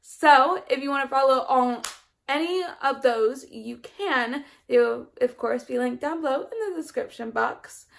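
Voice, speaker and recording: A woman's voice: high voice, a little slow, gravelly. A young woman talking casually as a book vlogger, chatty and rambling with many ums and restarts. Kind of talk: casual vlog chat.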